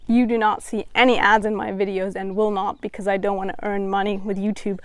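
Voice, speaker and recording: A woman mental coach giving step-by-step advice in a calm, encouraging vlog. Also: mid-range voice, brisk, few pauses, clean tone, dry recording.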